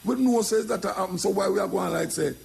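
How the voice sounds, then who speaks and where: Older Jamaican man, gravelly and husky, telling stories in patois and repeating himself. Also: high voice, fast talker, a little mellow. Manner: patois storytelling, repeats phrases. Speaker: radio talk host. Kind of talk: casual monologue.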